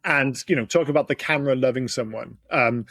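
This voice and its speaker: Fast-talking husky man chatting. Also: medium pitch. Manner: swears freely, animated and chatty. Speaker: podcast co-host. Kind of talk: casual chat.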